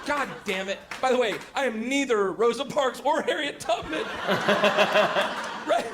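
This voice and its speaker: Excitable crude young male comedian. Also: very high voice, measured pace. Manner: crude, excitable, laughing through lines. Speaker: stand-up comedian. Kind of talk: stand-up storytelling. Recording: heavy noise in recording.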